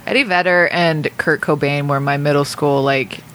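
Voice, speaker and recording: A woman's voice: low-pitched, moderate pace, a little hiss or hum. Laid-back woman swapping concert stories. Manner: animated storyteller, swears freely, laughs often. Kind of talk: casual chat.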